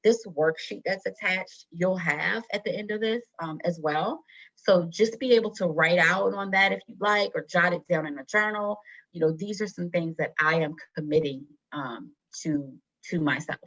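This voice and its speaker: A low-voiced woman leads an online wellness workshop. She talks casually and reassuringly, full of fillers. Her computer mic sounds a bit dull. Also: moderate pace, fairly bright tone. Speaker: teacher running a wellness workshop. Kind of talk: online presentation.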